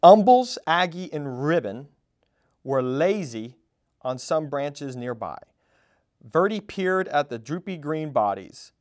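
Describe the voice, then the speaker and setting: A man reading a children's storybook aloud at a storytime, in an expressive, animated way. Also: on the high side, takes it slowly. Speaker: storytime reader.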